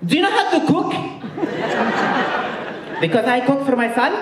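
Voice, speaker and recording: A man doing a shrill scolding Egyptian mom. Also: lively intonation, moderate pace, noisy background. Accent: Egyptian-style broken English, put on. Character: overbearing dramatic Egyptian mother, middle-aged woman. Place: comedy stage with a live audience. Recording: echoey stage from far off.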